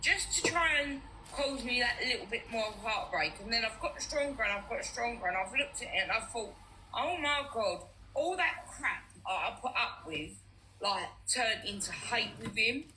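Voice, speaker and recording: Bright-toned woman telling a frank story. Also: fairly high pitch, normal speed, a little hiss or hum, low-quality recording. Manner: frank storytelling, acting out exchanges. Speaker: host. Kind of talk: casual live chat.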